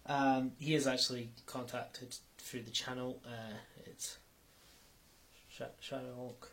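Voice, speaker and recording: A man's voice: medium pitch, level tone, slow pace, a bit bright. A young man rambling through a casual vlog, often stopping to correct himself and swearing now and then. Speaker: YouTuber.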